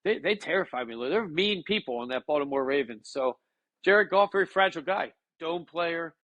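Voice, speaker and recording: A man with a somewhat high voice talks sports bets excitably, tripping over his words as he restarts sentences. The sound is dry and close. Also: normal speed, no room sound, lo-fi sound. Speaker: sports betting co-host. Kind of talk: casual sports chat.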